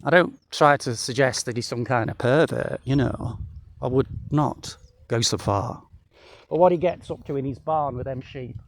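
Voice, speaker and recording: A man's voice: on the high side, fairly bright tone. A man rambling through a dry, jokey monologue to the camera outdoors in a wheat field, swearing freely. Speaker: vlogger.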